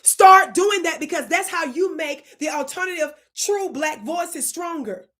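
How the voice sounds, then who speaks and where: A woman's voice: very high-pitched, lively intonation, a little slow, fairly bright tone. A woman hosting her own channel, delivering a fiery, preachy commentary monologue that scolds viewers, stretches words out for emphasis and keeps asking if they are listening. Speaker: channel host.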